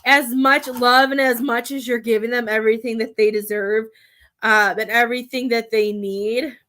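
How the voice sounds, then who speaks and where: Woman, tarot reader and medium, somewhat high voice, talkative and heartfelt, laughs a lot, gets emotional. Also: fairly even intonation, moderate pace. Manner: chatty, warm-hearted, laughs often between thoughts; emotional, near tears at times. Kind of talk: live tarot reading.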